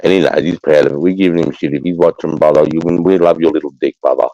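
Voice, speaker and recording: A man's voice: extremely low pitch, steady tone, quick pace, mellow, dry recording, dull audio. A man telling rambling, crude war stories in casual chat, swearing constantly and laughing.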